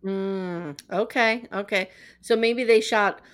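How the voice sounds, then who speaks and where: A woman's voice: mid-range voice, steady tone, takes it slowly. A woman hosting a TV recap podcast, chatting casually and sarcastically with plenty of "like" fillers. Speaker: podcast host.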